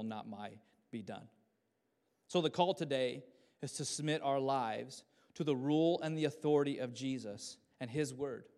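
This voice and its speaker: A man in his thirties preaching a sermon at a church service, swinging between loud fervent passages and soft hushed ones. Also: medium pitch. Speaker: pastor.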